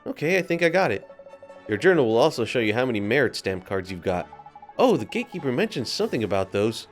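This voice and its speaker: A man's voice: medium pitch, sing-song, fast, soft background music. A man voicing a shy, polite young boy hero in a game. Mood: unsure. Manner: hesitant, polite.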